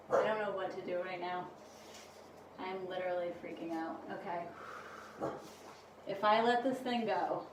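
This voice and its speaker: A woman vlogging casually at home, talking to herself and coaxing an insect, jittery and swearing as she frets. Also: medium pitch. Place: home indoors near a window. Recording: echoey room, distant mic, background noise.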